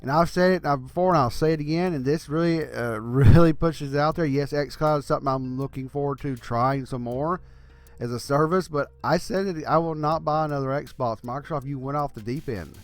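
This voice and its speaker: A tired older man rants bluntly about games, swearing freely and sounding exasperated. His voice sits a little high for a man. Faint music plays underneath. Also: a little fast, dry recording. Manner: blunt, profane, exasperated ranting. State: tired, yawning. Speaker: gaming channel host. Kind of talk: casual opinion rant.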